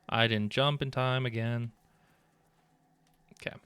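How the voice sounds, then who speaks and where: A man's voice: mid-range voice, steady tone, takes it slowly, a bit bright, clean tone, no echo. A man streaming a video game live, rambling and joking as he plays, swearing often, into a desk microphone. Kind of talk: casual live gameplay commentary.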